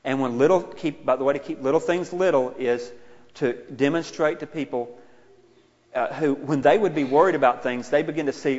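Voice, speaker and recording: A middle-aged man preaching a sermon in a conversational, self-deprecating way, rising to loud exclaiming. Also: mid-range voice, normal speed. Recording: muffled, with a long hall reverb.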